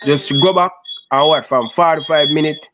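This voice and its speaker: A man's voice: fairly high pitch, moderate pace, fairly bright tone, slight background noise. A man with a Jamaican accent hosting a casual live stream, bantering and laughing in patois. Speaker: show host.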